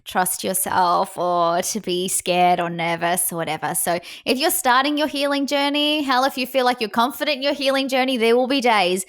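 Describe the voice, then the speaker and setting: Candid, animated woman, fairly high voice. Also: moderate pace, few pauses. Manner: candid, animated, acts out her own inner voice. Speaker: psychic medium guest. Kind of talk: casual podcast interview.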